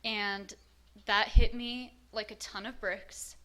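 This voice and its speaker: A woman's voice: medium pitch, fairly even intonation, slow, a bit bright. A woman telling her own story in a frank, self-mocking way, with lots of fillers. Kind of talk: candid personal storytelling.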